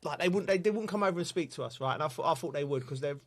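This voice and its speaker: Man, football commentator, casual chat, fairly high voice, laughs a lot. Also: racing. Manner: laughing storyteller, animated.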